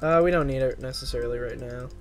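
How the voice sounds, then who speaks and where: A man's voice: medium pitch, quick pace, soft background music. A young man chatting casually while playing a block-building game with a friend, joking and slipping into silly voices. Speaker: gaming channel host. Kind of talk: casual let's-play chat.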